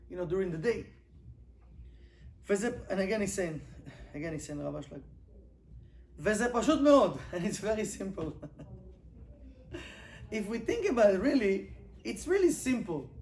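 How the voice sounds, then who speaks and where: A high-voiced man teaches Kabbalah in an informal class lesson, speaking animatedly and posing rhetorical questions. He reads Hebrew quickly, then translates it. There's a little hiss or hum in the recording.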